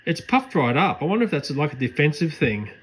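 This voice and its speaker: A man's voice: fairly high pitch, big pitch swings, fairly quick, slight background noise, low-quality recording. Chatty man filming outdoors at night. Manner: chatty, fond running commentary to animals and camera. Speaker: pet owner filming his cats. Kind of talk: casual vlog commentary. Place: backyard garden at night. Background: faint night ambience with frogs and crickets.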